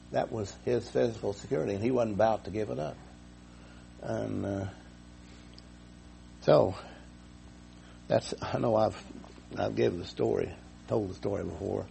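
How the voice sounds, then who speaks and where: Gravelly-voiced man preaching folksy sermon. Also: lowish voice, warm tone, a little hiss or hum. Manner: folksy, repetitive, chuckles at own jokes.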